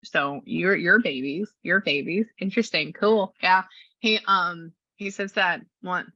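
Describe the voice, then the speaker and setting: Bright-voiced woman medium, casual and chatty in a reading, dry close audio that is slightly dull. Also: lowish voice, measured pace, no echo. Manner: chatty, animated, relays a spirit's words in quotes. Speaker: spiritual medium. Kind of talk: casual reading session with a client.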